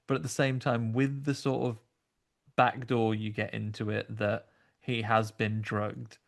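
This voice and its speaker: A man's voice: on the low side, flat delivery, measured pace, gravelly. A man, co-hosting a podcast and talking through a horror film in thoughtful, rambling analysis. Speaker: podcast co-host. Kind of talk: casual film review chat.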